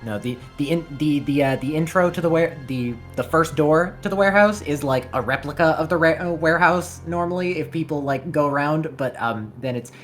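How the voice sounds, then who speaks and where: A woman narrating as game master of a tabletop game, halting and restarting her phrases as she explains. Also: sits low, soft background music.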